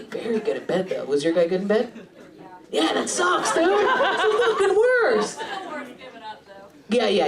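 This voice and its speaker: A woman doing stand-up crowd work in a club, brash, profane and teasing with the audience. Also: lowish voice. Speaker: stand-up comedian. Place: comedy club stage. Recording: roomy club sound from a distance. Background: laughing audience.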